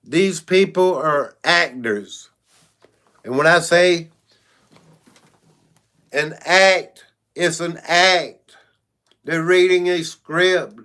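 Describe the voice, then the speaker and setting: A man's voice: fairly high pitch, drawn-out words, long pauses, fairly bright tone, clear, resonant tone. A man hosting a casual livestream. He rambles frankly and keeps saying "y'all". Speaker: channel host.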